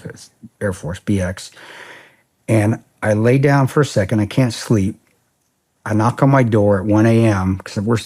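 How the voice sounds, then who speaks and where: Middle-aged male guest, low husky voice, blunt and profane, rambles through restarts. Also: darkish tone. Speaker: podcast guest. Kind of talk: casual storytelling interview.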